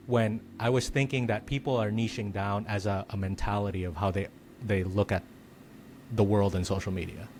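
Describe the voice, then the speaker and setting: A man's voice: fairly low pitch, fairly even intonation, normal speed, a little mellow, a little hiss or hum. A man hosting a podcast, chatting casually and thinking aloud with frequent fillers. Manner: reflective, thinking aloud with many "like"s. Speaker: podcast host. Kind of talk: casual conversation.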